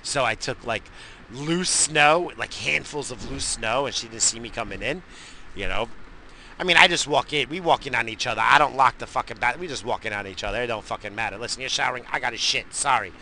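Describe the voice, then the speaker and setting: Crude and boisterous, the stories pour out of this middle-aged podcast host from around New York in a brisk, medium-pitched, gravelly and very bright voice. It's a casual monologue thick with profanity, and faint background noise lingers under it.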